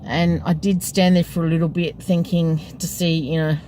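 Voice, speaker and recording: A woman's voice: deep voice, level tone, normal speed, dark tone, a little hiss or hum, rough recording. A woman, a taxi driver, telling a story from her night in a casual, chatty way and breaking into laughter often.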